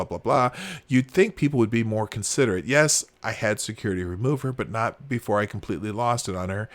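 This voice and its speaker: A man hosting a livestream, reading posts aloud and reacting with exasperated, sarcastic commentary. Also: fairly low pitch. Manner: exasperated, sarcastic, swings between shouting and muttering. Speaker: livestream host.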